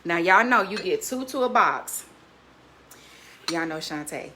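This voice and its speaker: An older woman, hosting a casual cooking vlog and chatting warmly and animatedly to her viewers, laughing often. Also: medium pitch. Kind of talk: casual unboxing chat to viewers.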